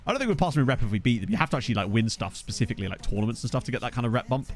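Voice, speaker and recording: A man's voice: medium pitch, sing-song, racing, soft background music. A young man chatting casually while streaming a game, joking about viewers' names and reading the chat. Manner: jokey, riffing on viewers' names.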